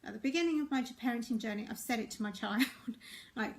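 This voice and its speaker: A middle-aged woman coaching on relationships and life speaks quickly in a somewhat high voice. She reassures viewers softly as she helps them through their feelings, pausing often to check in with them.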